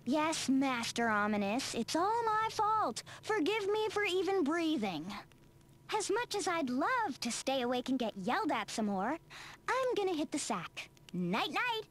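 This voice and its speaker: A sarcastic young adventurer. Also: female voice, high voice, sing-song, unhurried. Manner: sarcastic, teasing. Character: sharp-tongued young female adventurer. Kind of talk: video game voice acting.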